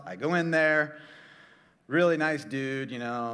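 A man's voice: fairly high pitch, a little slow, bright, forceful tone, long reverb tail. A middle-aged man, a pastor, tells a funny personal story in a sermon, jokey and talking straight to his audience.

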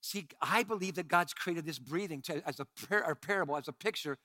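A man preaching a sermon as pastor, swinging between passionate shouting and quiet asides while calling on his congregation to respond. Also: on the high side, moderate pace, dry recording.

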